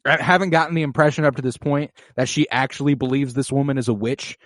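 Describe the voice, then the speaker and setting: A man's voice: medium pitch, fairly even intonation, fairly bright tone, no echo, clean studio sound. A man co-hosting a casual podcast, recapping scenes with lots of swearing and acted-out quotes. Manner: profane, recaps scenes acting out lines in quick voices. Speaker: podcast co-host. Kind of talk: casual rewatch podcast chat.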